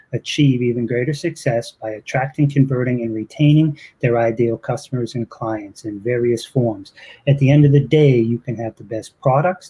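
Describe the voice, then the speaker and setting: A man with a Boston accent hosting a live online interview, chatting loosely with quick asides. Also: mid-range voice, dark tone, husky, low-quality recording. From Boston, USA. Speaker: interview host.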